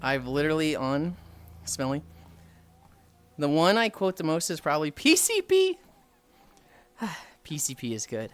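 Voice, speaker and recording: A young woman livestreamer chatting casually, animated, swearing freely and acting out quotes. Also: low-pitched, takes it slowly, long pauses, faint music behind. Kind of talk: casual chat.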